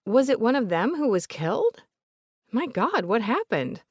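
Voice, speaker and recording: A woman voicing an older woman with a soft Southern accent, polite and remorseful, recalling family memories in a gentle, chatty way. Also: a little high, big pitch swings, measured pace, breathy edge, no echo, studio quality, voice pushed up, heavily acted.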